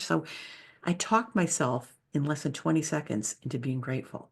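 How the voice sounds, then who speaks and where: A woman's voice: low voice, normal speed, creaky, slightly rough. A woman who is a leadership speaker and author, giving an enthusiastic, conversational presentation with slides.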